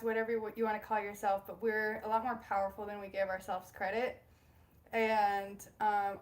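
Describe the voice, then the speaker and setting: A young woman hosting a casual spiritual livestream from home, bubbly and giggly as she greets viewers by name. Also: medium pitch. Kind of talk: casual live-stream chat.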